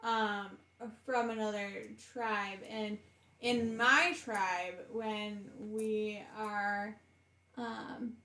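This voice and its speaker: A woman's voice: medium pitch, fairly even intonation, extremely slow, bright, forceful tone, echoey room. A woman playing in a tabletop game, talking hesitantly with many fillers. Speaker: player. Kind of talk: casual tabletop play.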